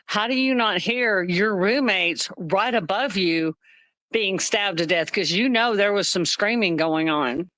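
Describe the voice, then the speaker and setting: A woman on a discussion panel, talking in an animated, exasperated way. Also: medium pitch, unhurried, no echo, low-quality recording.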